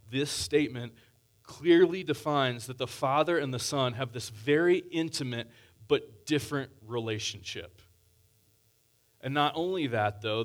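Man preaching an earnest conversational sermon. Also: medium pitch. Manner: earnest, conversational with scripture readings. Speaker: pastor.

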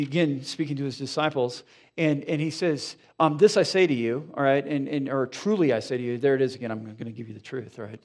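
A man preaching a Sunday sermon from a church stage. His delivery is animated and conversational, full of asides and quick questions thrown to the congregation. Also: mid-range voice. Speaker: pastor. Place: church sanctuary.

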